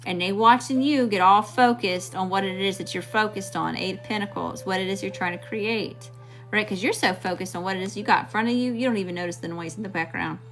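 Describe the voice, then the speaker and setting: A woman's voice: mid-range voice, a little fast, a bit bright, faint music behind. A woman from Mississippi with a Southern accent, giving a blunt, slangy live tarot reading straight to her viewers. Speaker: tarot reader.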